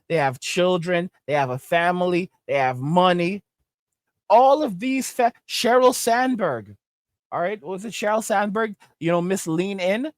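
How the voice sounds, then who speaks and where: A man's voice: sits high, no room sound. A man hosting his own channel, delivering an emphatic, repetitive opinion rant and often checking in with "okay?". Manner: emphatic, repetitive, tag questions. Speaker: channel host.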